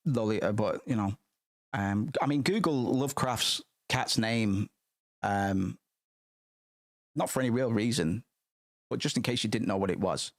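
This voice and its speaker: A man's voice: on the low side, unhurried, pauses often. A man streaming, chatting casually and rambling, swearing freely with many restarts.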